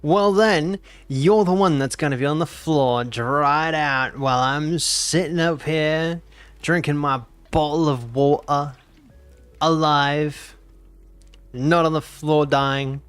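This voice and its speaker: A man's voice: on the high side, slow pace, a bit bright, clear, resonant tone, no echo, faint music behind. A nineteen-year-old man, chatting casually and playfully on a live gaming stream, teasing his chat and repeating phrases in mock outrage. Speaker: VTuber streamer.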